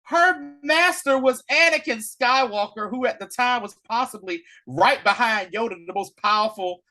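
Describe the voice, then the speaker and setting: A man co-hosting a casual review chat, retelling a story with animated, slangy acted-out lines. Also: very high-pitched, moderate pace. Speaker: podcast co-host reviewing a series.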